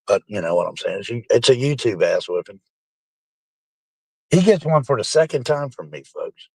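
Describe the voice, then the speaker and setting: A man's voice: medium pitch, darkish tone, dry recording. A middle-aged man, rambling casually and profanely to his live-stream chat, calling them folks.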